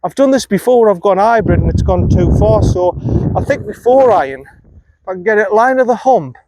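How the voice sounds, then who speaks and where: Out on the golf course with noise all around, a golf vlogger talks at normal speed in a high, lively voice. His commentary is chatty and hard on himself, and he mutters at himself after bad shots.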